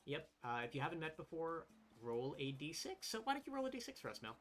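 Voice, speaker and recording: This game master talks fast in a voice on the high side, narrating a tabletop role-playing game. His descriptions are relaxed and full of fillers.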